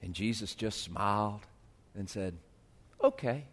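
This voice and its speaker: A male pastor preaching a sermon, swinging from hushed, slow lines to loud, rising appeals. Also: fairly low pitch, animated.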